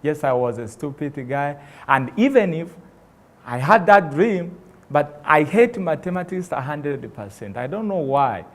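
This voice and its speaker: A man telling an emotional personal story on stage as a motivational speaker, acting out the voices in it and swinging from loud to soft. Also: on the high side, very animated, measured pace. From Rwanda. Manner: impassioned, acts out dialogue, swings loud and soft. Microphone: stage microphone.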